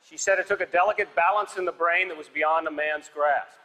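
A man's voice: on the high side, steady tone, brisk, sharp tone, muffled recording. A man doing a stand-up comedy set on a theater stage, telling stories with dry, punchy one-liners. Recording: live hall reverb with audience noise.

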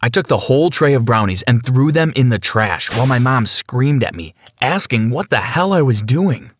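A man narrating a scripted first-person story for an animated channel, in an expressive, dramatic way. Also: mid-range voice, normal speed, slight background noise.

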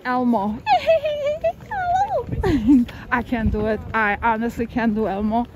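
Giggly high-voiced woman streaming outdoors. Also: flat delivery, fairly quick. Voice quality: giggly, laughs often. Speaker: live streamer. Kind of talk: casual walking livestream. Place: busy city street outdoors. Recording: loud street noise outdoors.

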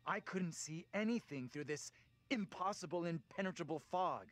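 An actor playing a calm, dismissive man in charge. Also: on the high side, normal speed, lightly acted.

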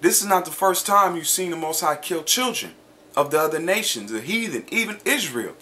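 A man preaching a sermon and reading scripture aloud, emphatic, often checking in with "okay?" and "man", slowing down to stress words. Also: fairly high pitch, expressive, bright, forceful tone.

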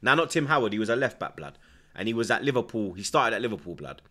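A man's voice: fairly low pitch, sing-song, quick pace. Slangy man hyping a stream. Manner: slangy, repeats "blood" and "you get me"; shouts out viewers from the chat. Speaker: livestream host. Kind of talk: football watchalong chat.

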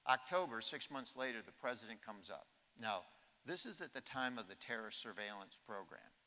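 A man's voice: medium pitch, expressive, fairly quick, bright, forceful tone. Older man telling stories in an echoey hall. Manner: humorous storytelling, acts out quotes. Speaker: keynote speaker. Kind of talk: anecdotal keynote speech. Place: large conference hall.

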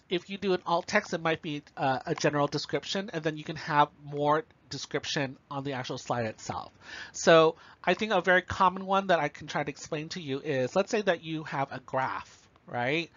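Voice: medium pitch, a bit bright. A university lecturer giving a recorded instructional lecture in a casual, explanatory way, often checking in with listeners. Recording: dull, slightly lo-fi dry recording.

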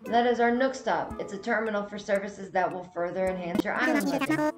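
A woman reading out a chatty male raccoon shopkeeper who tags his lines with "yes, yes?", in a roomy space with loud game music. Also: medium pitch, fairly quick, close to an everyday voice. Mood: chipper. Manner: formal sales talk with "yes, yes?" tag. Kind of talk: reading game dialogue aloud.

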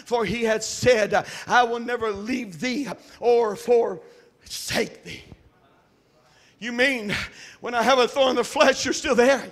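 A man preaching a sermon as pastor, shouting his lines with a rhythmic "uh" between phrases. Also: extremely high pitch. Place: church.

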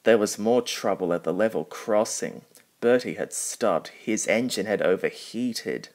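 A man reading a children's storybook aloud, slowly and carefully. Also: lowish voice, a little mellow. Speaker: storybook reader. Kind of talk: storybook narration.

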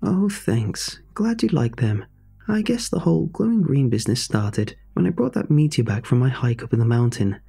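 A man's voice: medium pitch, big pitch swings, moderate pace, vocal fry, dark tone, slightly rough, exaggerated voice. A man voicing a cheerful, slightly manic aunt who is an inventor changed by a meteor, chatty and rambling, with faint music behind. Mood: eager.

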